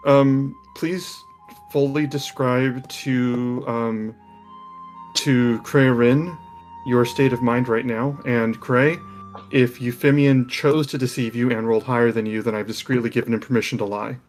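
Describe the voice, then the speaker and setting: A man's voice: mid-range voice, a little slow. A man narrating as game master, rambling with many fillers, faint music behind. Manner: rambling, filler-heavy, relaxed.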